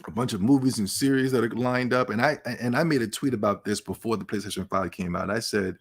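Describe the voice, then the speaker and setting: A man's voice: fairly low pitch, fast. Sarcastic ranting male podcast host. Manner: laughs between remarks. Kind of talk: casual gaming news commentary.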